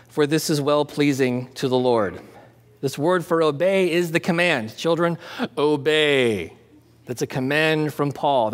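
A man's voice: on the high side, in a large hall. A man preaching a conversational sermon as pastor, with demonstrations.

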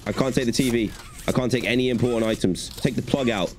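A man's voice: mid-range voice, quick pace, a little hiss or hum. A young man giving chatty, playful commentary while playing a video game. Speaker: gaming YouTuber. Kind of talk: gaming commentary.

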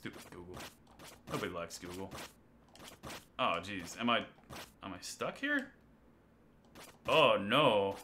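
A man's voice: lowish voice, lively intonation, slow, long pauses, pushed and bright, a little hiss or hum. A young man casually commenting on a game he plays live, chatting and laughing with his viewers. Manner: chatty, laughing, talking to chat. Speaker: streamer. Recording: game music behind the voice.

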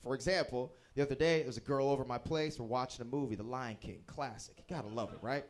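A man's voice: mid-range voice, quick pace, background noise. A young man performing a stand-up comedy set, telling self-deprecating stories with playful shifts in his voice. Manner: animated, self-deprecating storytelling with playful voice swings. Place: small comedy venue at a bowling alley.

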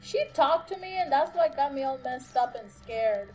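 A woman's voice: high-pitched, expressive, normal speed, a little mellow, slight background noise. A young woman giving nervous, jumpy commentary while playing a video game, gasping and exclaiming as she goes. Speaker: let's play gamer. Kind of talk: frightened gameplay commentary.

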